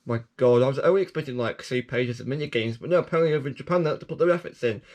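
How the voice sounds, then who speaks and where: A man's voice: medium pitch, racing, a little mellow. A man hosting his own channel, rambling through updates and app reviews with frequent restarts, self-corrections and self-mocking asides. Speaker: channel host.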